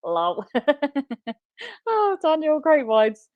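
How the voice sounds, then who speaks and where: A woman spins a comic tale about herself, chatty and self-mocking and quick to laugh. Her pitch jumps about as she talks. The sound is dry and close. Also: very animated, dry recording, phone-quality sound. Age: 30s. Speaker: guest telling her story. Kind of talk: comic storytelling in conversation.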